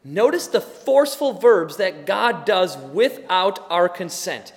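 A man preaching a sermon as pastor, impassioned and building to emphatic, forceful delivery. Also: sits high, sing-song, slow, long reverb tail, faint music behind.

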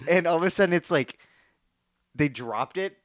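A man's voice: fairly high pitch, lively intonation, normal speed, no echo. Laid-back young man, dry close mic. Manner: laid-back, laughs often, filler-heavy. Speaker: podcast co-host. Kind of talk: casual podcast chat. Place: home garage.

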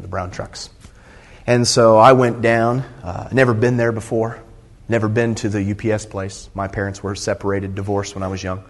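A middle-aged man from Indiana preaching a sermon in a conversational, earnest way, often restarting his sentences. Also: lowish voice. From Indiana, USA. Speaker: pastor.

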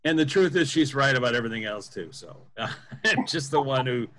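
A man's voice: medium pitch, animated, normal speed, a bit bright. A man hosting a casual interview, joking and self-deprecating as he leads the talk. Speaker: podcast host.

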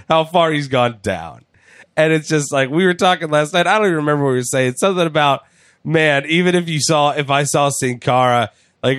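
A man's voice: mid-range voice, fairly bright tone, clear, resonant tone, dry recording. Guy on a podcast riffing on wrestling, swears a lot, dry close sound. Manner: profane, jokey, acts out voices. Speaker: podcast host. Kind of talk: casual wrestling chat.

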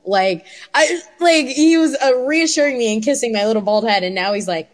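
A woman telling a story in an animated way in casual podcast chat, often acting out voices. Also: medium pitch, fairly quick. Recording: long reverb room.

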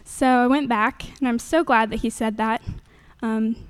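A woman's voice: fairly high pitch, fairly even intonation, a little slow, clear, resonant tone. A young woman giving a nervous, earnest faith testimony into a handheld microphone at a church gathering, with many fillers.

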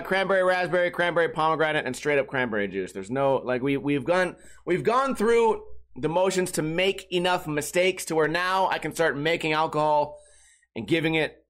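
A man's voice: on the high side, a bit bright. A man hosting a podcast in casual chat, rambling, laughing between thoughts and restarting sentences. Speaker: podcast host.

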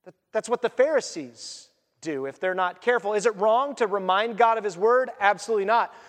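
A man preaching a sermon as pastor in a conversational, animated way. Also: high-pitched, brisk, long reverb tail. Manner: conversational, animated, laughs at his own points.

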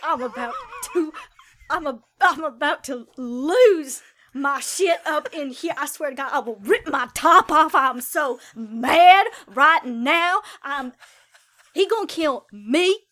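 A woman playing a brash, profane wife in an improvised comedy sketch, ranting and threatening in loud outbursts. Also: high voice, unhurried. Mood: furious.

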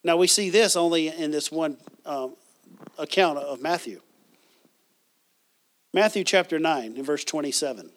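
A man's voice: on the high side, a little slow, pauses often. A man preaching a sermon as pastor, reading scripture and asking the congregation questions, with frequent restarts.

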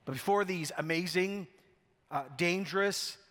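A man from Canada with a slightly higher-pitched voice, preaching with a wry, self-mocking storyteller's touch. His conversational sermon carries a long reverb that lingers through a large church hall. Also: a little slow, a bit bright. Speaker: co-lead pastor. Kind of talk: sermon with humorous personal story.

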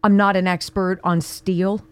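A woman's voice: medium pitch, little pitch movement, a little slow, smooth, dry recording. A woman hosting a talk radio show, delivering an indignant opinion monologue full of rhetorical questions. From Pittsburgh area.

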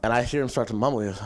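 A young man casually telling a funny camp story, animated and laughing as he goes. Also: medium pitch. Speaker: camp attendee sharing a testimony.

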